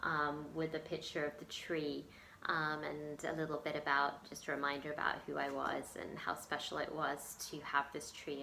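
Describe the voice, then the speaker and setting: A woman's voice: low voice, a bit bright, roomy sound, a little hiss or hum. An English woman telling a personal story in a chatty, emotional way, with many ums and laughs. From England. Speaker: vlogger. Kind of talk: casual storytelling vlog.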